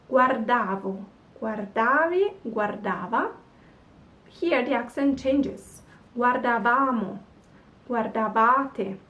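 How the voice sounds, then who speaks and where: Female teacher, slow and patient, slightly high voice, mic set back a little. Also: far from the mic. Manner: patient, slow drilling of verb forms. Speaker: language teacher. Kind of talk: online language lesson.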